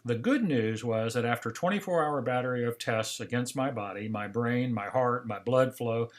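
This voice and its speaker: Older man giving a calm lecture. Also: mid-range voice, moderate pace. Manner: calm storytelling, acting out remembered dialogue. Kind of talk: scripted seminar narration.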